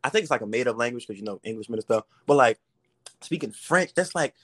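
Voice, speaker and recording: Podcast host, male, teasing and slangy, mid pitch with a lively, swinging delivery. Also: quick pace. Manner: teasing, laughs often, animated banter; loose slangy talk. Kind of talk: casual chat.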